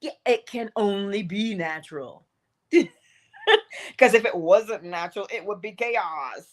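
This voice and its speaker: A woman hosting an inspirational morning livestream, talking in an animated, emphatic way and laughing often. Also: medium pitch, slow pace. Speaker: host.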